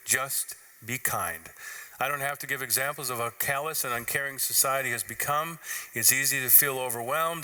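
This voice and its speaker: A man's voice: medium pitch, bright, forceful tone. A man, a pastor, giving an earnest, conversational sermon in church.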